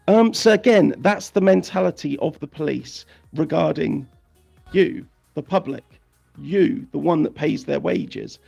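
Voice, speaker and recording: A host with a heavily gravelly, slightly raised voice rants through the news, swearing and repeating himself. Faint music plays underneath. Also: male voice, on the high side, warm tone. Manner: angry, profane, repetitive, halting. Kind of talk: ranting news commentary.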